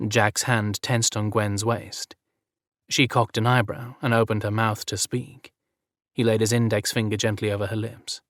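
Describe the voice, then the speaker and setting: A man reading romance audiobook narration in a measured, even manner. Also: on the low side, no room sound, clean studio sound.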